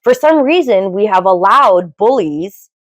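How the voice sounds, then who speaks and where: A middle-aged woman co-hosting a podcast, chatting in a rambling, opinionated way, with sudden jumps in pitch. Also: expressive, a little slow, dry recording. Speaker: podcast co-host. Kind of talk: casual opinionated chat.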